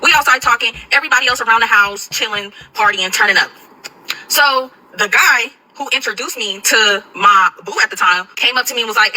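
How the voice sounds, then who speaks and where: A young woman telling a dramatic storytime to viewers, animated and swearing often. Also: medium pitch, a little fast, rough recording. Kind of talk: casual storytime to camera.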